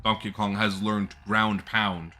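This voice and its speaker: A man's voice: on the low side, little pitch movement, takes it slowly, pushed and bright. A young man chatting casually on a live stream, rambling and laughing often.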